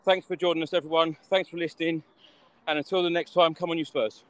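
A man's voice: fairly high pitch, steady tone, fast talker, no room sound. A man hosting a casual podcast, friendly and out of breath. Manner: friendly, wrapping up the show. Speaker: podcast host. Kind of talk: casual chat.

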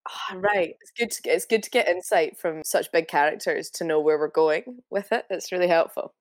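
Brief: Scottish woman, chatty, mid-pitched, dry close mic. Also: moderate pace, no echo. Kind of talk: casual chat.

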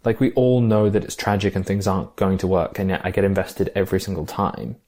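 A man's voice: low-pitched, steady tone, fairly quick, a little mellow. A man chatting casually about a favourite film, enthusiastic and reflective. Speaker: film podcast co-host.

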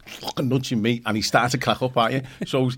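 A man's voice: mid-range voice, fairly even intonation, a little fast, fairly bright tone. A middle-aged man, a podcast guest, telling rambling stories in casual chat, swearing freely and acting out what others said. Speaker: podcast guest, former footballer.

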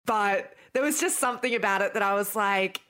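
A woman's voice: mid-range voice, fairly quick, pushed and bright. Aussie lady chatting on a podcast, earnest stories, middle voice. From Australia. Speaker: podcast co-host. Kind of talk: casual chat.

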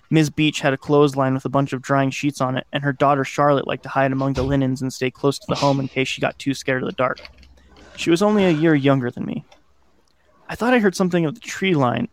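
A podcast host, a man with a mid-range voice, casually narrates a scary story from his childhood, swearing now and then. There's no room sound on the recording.

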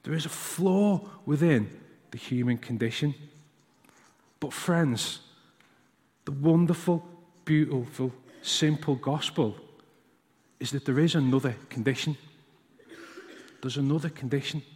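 A man's voice: mid-range voice, measured pace, pauses often, darkish tone, big-room sound. A man preaching a sermon and telling a personal story, sometimes acting out his young son's questions. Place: church hall.

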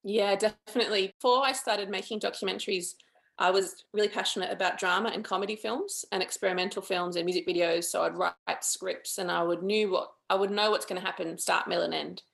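A woman's voice: mid-range voice, fairly even intonation, a little fast, creaky, a bit bright. A woman filmmaker being interviewed, speaking in a thoughtful, earnest and chatty way. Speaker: documentary filmmaker, guest. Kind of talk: interview conversation.

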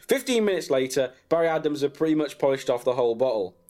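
A man reading a crude comic story about himself in a deadpan way and breaking into laughs. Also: mid-range voice, quick pace, faint music behind.

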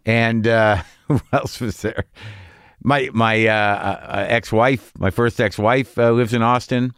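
A man's voice: medium pitch, fairly even intonation, takes it slowly, fairly bright tone, smooth, dry recording, clean studio sound. A middle-aged man hosting a podcast, talking through a rambling, profane casual monologue full of restarts and trailing thoughts. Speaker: podcast host.

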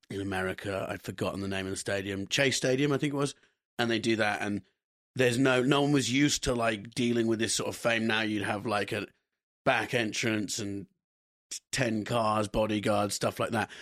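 A young British man co-hosting a comedy podcast, laughing often and bantering quickly. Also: on the low side, fairly bright tone, dry recording, clean studio sound. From Britain. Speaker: podcast co-host. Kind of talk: comedic casual chat.

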